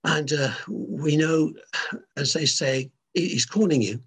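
A man preaching a sermon in an animated, emphatic way, often restarting his words. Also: a little high, slow pace, husky.

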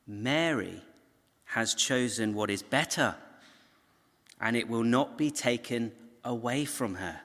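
Man doing a calm gentle teacher, slow measured speech, bright voice, hall reverb. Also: medium pitch. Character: calm, loving male teacher gently correcting.

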